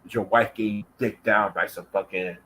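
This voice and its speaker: A man's voice: on the low side, steady tone, moderate pace, fairly bright tone, slight background noise, low-quality recording. An American man delivering an angry, profane vlog rant, taunting and calling out his target directly. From United States. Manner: profane and confrontational. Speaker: vlogger.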